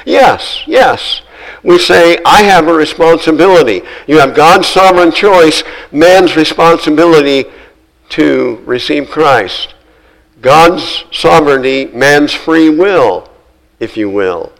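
A man preaching a sermon, earnest and emphatic, repeating phrases and slowing down to stress key words. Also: fairly high pitch, expressive, low-quality recording.

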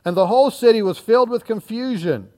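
A man preaching an expository sermon, reading scripture aloud and explaining it verse by verse, acting out the crowd and dropping into quiet asides. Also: brisk. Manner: animated, acts out the crowd, dropping to low asides.

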